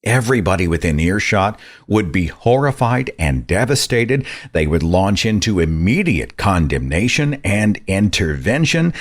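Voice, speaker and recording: Low-voiced guy ranting on his podcast, sarcastic, pitch jumping all over. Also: sing-song, measured pace, few pauses. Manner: sarcastic, indignant, mocks others' voices. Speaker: podcast host. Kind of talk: opinionated commentary.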